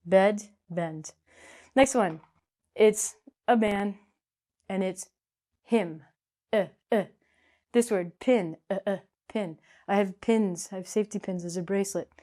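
A woman's voice: mid-range voice, unhurried, pauses often, mellow. A woman teaching English in a playful, chatty way, joking to herself as she explains. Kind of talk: casual spoken lesson.

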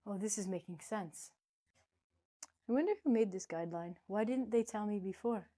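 A woman teaching English vowel pronunciation in a playful, jokey way, with loud whoops and quiet asides to herself. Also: mid-range voice, normal speed.

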